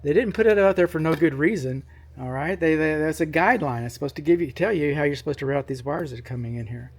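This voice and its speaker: A middle-aged home inspector talks fast through an on-site electrical panel inspection, repeating points and coaxing himself along. His voice is a little high.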